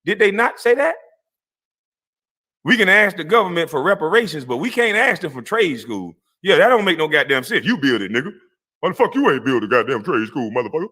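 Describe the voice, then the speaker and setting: A man's voice: a little high, sing-song, brisk, pushed and bright. A man ranting on a livestream, profane, mocking and confrontational, laughing scornfully between lines. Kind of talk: heated livestream rant.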